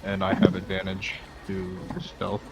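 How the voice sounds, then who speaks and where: A man playing a tabletop game, laying out his moves in a calm, matter-of-fact way. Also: sits low, measured pace, gravelly, over loud music. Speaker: player.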